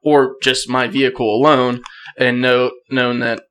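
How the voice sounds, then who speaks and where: A young man, a podcast guest, telling a hunting story in a casual, animated way, often laughing and clearing his throat. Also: medium pitch, unhurried.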